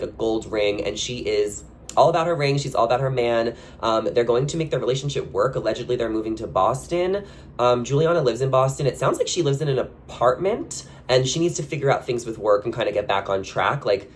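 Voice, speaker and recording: A man chats at an everyday middle pitch, sharing his opinions on reality TV in a relaxed, gossipy way. He leans heavily on "like" as a filler. His voice leaps upward whenever he poses a question. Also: slight background noise. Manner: chatty and gossipy, with frequent "like" fillers; animated, with sudden jumps in pitch on questions. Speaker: reality TV commentary channel host. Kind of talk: casual opinion commentary to camera.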